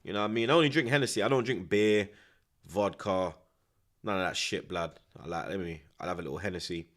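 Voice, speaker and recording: A man's voice: low-pitched, a little fast. A young man, chatting casually in street slang and reacting live to a football match. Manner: animated, street slang, frequent tag questions. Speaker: streamer.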